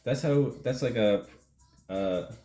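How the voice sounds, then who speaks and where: Comic host, male, dark mellow voice, playing dumb in a fake tutorial, roomy room with faint music. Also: mid-range voice, slow. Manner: feigned confusion, deadpan rambling. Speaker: comedic video host. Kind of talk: mock language tutorial, casual chat.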